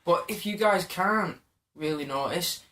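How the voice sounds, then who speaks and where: A man's voice: high voice, measured pace, sharp tone. A young man, co-hosting a podcast in joking banter, often chiming in to agree. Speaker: podcast co-host. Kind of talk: casual chat. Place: co-host's house. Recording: echoey room.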